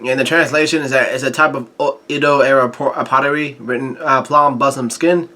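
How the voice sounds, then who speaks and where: A manga reviewer recaps and reads a comic chapter aloud, halting often with fillers and restarts and adding his own remarks along the way. His mid-range voice is steady and sharp in tone.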